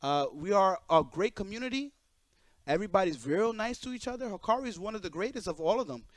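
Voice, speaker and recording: A streamer doing a prim, overly polite gentleman who speaks softly and formally. He sounds ingratiating and stiffly proper. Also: high-pitched, expressive, fast, no echo. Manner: soft, prim, exaggeratedly formal.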